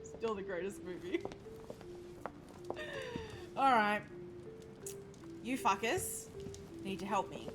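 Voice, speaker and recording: Speaking slowly at a medium pitch with long pauses, a woman streams a video game live through a webcam setup while game music plays. She chats with her audience, joking and swearing openly as she plays.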